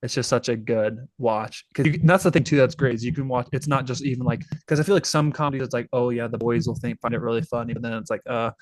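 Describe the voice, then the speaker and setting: Man, mid-pitched voice, casual movie chat, rambling, acts out quotes, dry close mic. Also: steady tone, fast, few pauses, dry recording. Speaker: podcast co-host.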